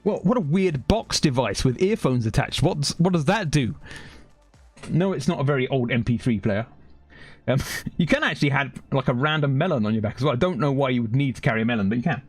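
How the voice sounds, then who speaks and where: A man's voice: mid-range voice, lively intonation, fairly quick, no echo, faint music behind. A man streaming a game, chatting casually and rambling, swearing freely, laughing often and yelping when the action heats up. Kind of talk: casual chat while gaming.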